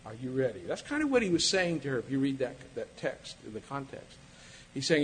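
A man's voice: sing-song, a little fast, rough recording. A man preaching a sermon in a conversational way, acting out quoted lines as he goes. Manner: conversational, acts out quoted lines with shifting pitch and loudness.

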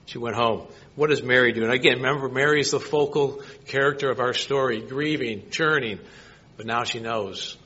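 A man's voice: mid-range voice, moderate pace, pushed and bright, highs cut off. A man preaching a sermon, reading scripture and asking his listeners rhetorical questions. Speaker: pastor.

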